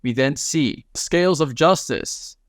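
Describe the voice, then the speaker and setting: A man's voice: fairly high pitch, takes it slowly, no echo, studio quality. A man narrating a comic recap in a casual, slangy way, retelling each panel in plain speech.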